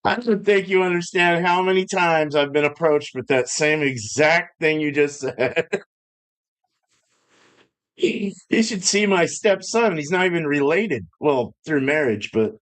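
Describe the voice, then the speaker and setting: A man's voice: on the high side, fairly bright tone. A man hosting a live stream from his home brewing setup, ranting in a loose, joking, profane way. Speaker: livestream host. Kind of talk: casual live-stream rant.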